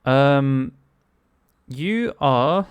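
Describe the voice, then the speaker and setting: A man's voice: mid-range voice, lively intonation, very slow, smooth, no echo. A man narrating a tabletop game as game master, hesitant, with many fillers.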